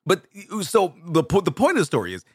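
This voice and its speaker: A man's voice: on the high side, a little fast, slightly rough, dry recording, studio quality. Rambling man telling a funny story. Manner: rambling, animated, frequent restarts. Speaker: comedic storyteller. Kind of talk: comedic monologue.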